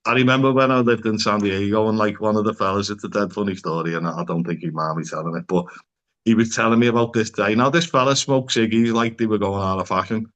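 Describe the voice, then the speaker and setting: A man's voice: fairly low pitch, fast talker, fairly bright tone. Rambling Scouse man, casual chat. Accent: Liverpool (Scouse). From Liverpool, England. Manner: rambling, peppers speech with "like" and swearing. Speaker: psychotherapist guest. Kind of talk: casual podcast conversation.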